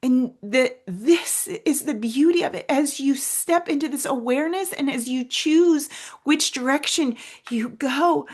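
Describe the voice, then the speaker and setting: A woman hosting a faith-based motivational podcast, talking earnestly and emphatically straight to her listeners, sometimes dropping to a soft hush for prayers. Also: high voice, unhurried. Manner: earnest, emphatic, addresses listeners as "you guys". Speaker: podcast host.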